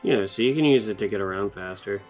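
A man's voice: fairly low pitch, fast talker, faint music behind. Dry, sarcastic young man. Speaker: co-host giving game tips. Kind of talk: casual gameplay chat.

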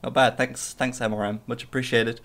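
A man's voice: medium pitch, level tone, brisk, fairly bright tone. A male game streamer talks to his chat in a jokey, easygoing way. His voice sits in a middle register, and he keeps the banter loose and casual. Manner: jokey, chatty with viewers. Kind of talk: casual live-stream commentary.

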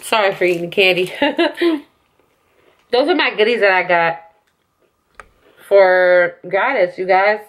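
A young woman vlogging a makeup haul, excitable and gushing, talking straight to her viewers. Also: mid-range voice, measured pace, pauses often. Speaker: beauty vlogger and store employee. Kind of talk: casual haul vlog.

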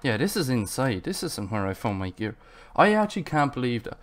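A man's voice: mid-range voice, sing-song, brisk. A man narrating his Minecraft gameplay, frustrated and swearing as he rambles to himself. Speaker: gaming channel host.

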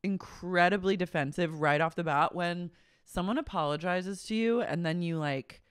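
A man's voice: high-pitched, moderate pace, fairly bright tone, clean tone, dry recording, clean studio sound. A young adult man co-hosting a podcast, riffing on a reality show with snarky, bold jokes. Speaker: podcast co-host. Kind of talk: casual gossip chat recapping a reality show.

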